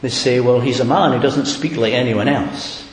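A man's voice: medium pitch, moderate pace. A man preaching a sermon earnestly, building to emphatic repeated questions. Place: church hall. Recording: echoey hall with faint hiss.

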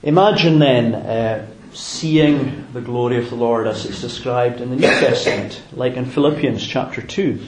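A man preaching a sermon in a measured, reflective way, pausing on fillers and restarting phrases. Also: mid-range voice, reverberant, a little hiss or hum, low-quality recording.

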